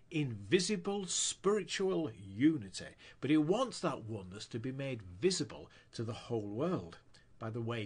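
A male preacher delivering a church sermon with a lively, swinging pitch. His voice has a slight husky edge, and he tells stories and acts out the quoted lines. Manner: storytelling, acting out quoted lines with rising pitch.

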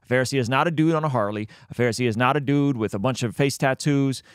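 A man hosting a Christian reaction commentary, animated and quick to laugh, explaining and reading Bible passages into a close mic. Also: mid-range voice, clean tone, dry recording. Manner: animated, bursts into laughter, reads scripture aloud.

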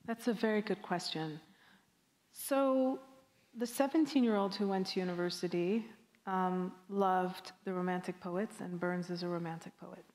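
A middle-aged woman from Jamaica answering an audience question as a guest poet, candid and animated, laughing often. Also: fairly low pitch, moderate pace. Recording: long reverb of a lecture hall.

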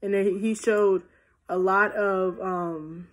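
A woman's voice: medium pitch, fairly even intonation, takes it slowly. A teenage girl answering viewer questions in a casual vlog, chatty and rambling with many restarts, sounding tired. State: tired and yawning. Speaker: vlogger. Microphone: phone.

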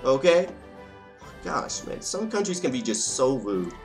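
A man's voice: medium pitch, big pitch swings, a little slow. A young man casually commenting on his strategy game as he plays, joking and talking to the nations on screen. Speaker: let's play gamer. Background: faint game music.

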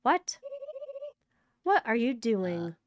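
A woman's voice: a little high, very animated, extremely slow, a little hiss or hum, heavily acted. A woman voicing a haughty, commanding female robot queen villain while reading game dialogue aloud. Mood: alarmed. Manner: imperious, theatrical.

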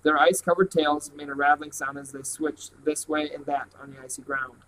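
A man reading a novel aloud in a plain, steady way. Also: on the high side, normal speed, slight background noise, low-quality recording. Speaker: reader.

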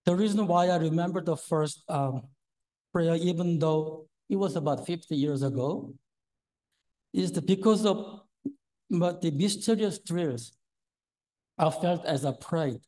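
On a low-quality recording, a sixty-something lay preacher delivers a sermon in a mellow voice on the high side, speaking a little slowly. He sounds nervous and halting, with a shaky voice and many fillers.

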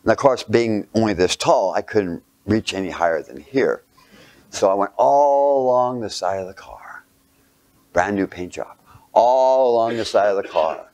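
A man giving a sermon through a childhood story, animated, sometimes dropping to a near whisper and putting rhetorical questions to his listeners. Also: fairly low pitch, a little slow. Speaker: speaker.

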